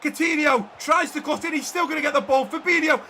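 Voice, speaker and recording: High, bright-voiced excitable gaming man. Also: fast talker. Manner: excitable, shouts play-by-play; talks to viewers as guys and lads. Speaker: gaming YouTuber. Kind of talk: excited football game commentary.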